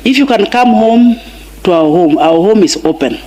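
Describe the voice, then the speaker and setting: A woman's voice: mid-range voice, animated, normal speed, warm tone. A middle-aged Kenyan woman with a Kenyan accent giving an emotional eulogy for her husband and mixing in Swahili phrases. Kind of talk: funeral eulogy speech. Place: large funeral gathering.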